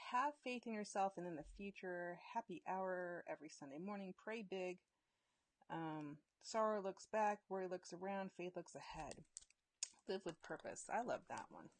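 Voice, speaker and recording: A woman's voice: medium pitch, dry recording. Bubbly woman hosting a live giveaway. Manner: bubbly, laughs often, reads viewer comments aloud; chatty, trails off and restarts. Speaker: host of a live giveaway stream. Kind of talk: casual live-stream chat.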